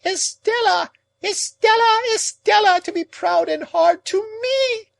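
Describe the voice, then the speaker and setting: A man reading an audiobook, voicing a grief-stricken, possessive old woman in a high, wailing, drawn-out voice. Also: big pitch swings, no echo, heavily acted, poor audio. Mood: shrieking.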